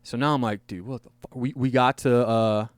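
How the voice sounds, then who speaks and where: A man's voice: medium pitch, fairly even intonation, a little fast, clean tone, no echo. Male podcast host, casual rambling storyteller, swears freely, dry close sound. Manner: rambling, profane, laughing at his own story. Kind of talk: casual storytelling among friends.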